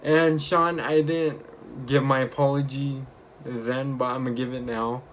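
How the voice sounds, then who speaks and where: Young guy vlogging, takes his time, animated story with faint noise behind. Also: medium pitch, unhurried. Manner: chatty, animated retelling with acted quotes. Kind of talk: casual storytelling vlog.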